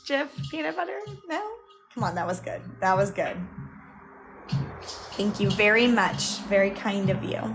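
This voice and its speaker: A woman's voice: mid-range voice, expressive, normal speed, long pauses, rough recording. A woman livestreaming a casual drawing tutorial. She explains each step aloud and chats with viewers, thanking them by name. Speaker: livestreaming cartoon artist. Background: music playing.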